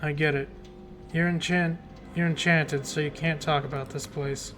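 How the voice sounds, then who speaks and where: A man's voice: a little high, steady tone, moderate pace, a bit bright, a little hiss or hum. A man streaming a game, chatting casually and joking at his own expense. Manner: chatty, self-deprecating. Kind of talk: casual let's-play commentary. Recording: game music playing behind.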